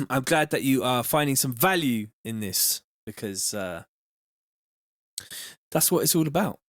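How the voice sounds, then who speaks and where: A man's voice: medium pitch, lively intonation, unhurried, no echo, studio quality. A man with a London accent chatting casually on a music-making livestream, laid-back and slangy, thanking viewers as he works. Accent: London English. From England. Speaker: music producer streaming live.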